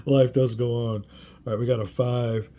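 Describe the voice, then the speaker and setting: A man's voice: mid-range voice, little pitch movement, normal speed, mellow, slight background noise. A middle-aged man narrating his solo board wargame, chatting and thinking aloud as he rolls dice. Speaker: board game player and channel host. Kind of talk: solo wargame playthrough commentary.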